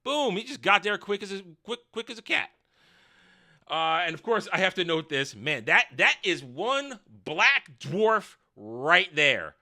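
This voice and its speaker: A man rants through a show review in a high, very bright voice. He is sarcastic and animated, leaping between asides and mock voices. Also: a little slow. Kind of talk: casual review rant.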